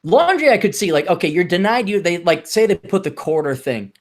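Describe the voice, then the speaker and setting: Reading a news story on his podcast, a man mocks it with sarcastic asides and laughs along, keeping the chat casual. His voice is a little high and expressive, at a moderate pace.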